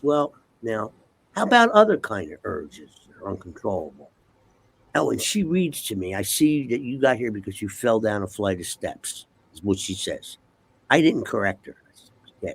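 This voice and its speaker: A man telling a profane, animated story as an interview guest, acting out the dialogue. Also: lowish voice, breathy edge. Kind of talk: casual storytelling.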